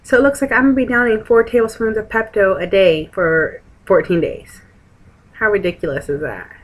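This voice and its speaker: A woman's voice: mid-range voice, normal speed, rough recording. A young woman, chatting frankly to camera at a friend's house, rambling with sarcastic asides. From Texas. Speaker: vlogger. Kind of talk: casual chat to camera.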